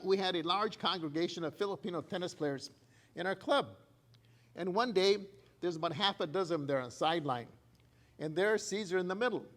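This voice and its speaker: Older man telling stories, high voice. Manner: storytelling, laughs at his own jokes. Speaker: club speaker. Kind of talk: prepared speech with anecdotes.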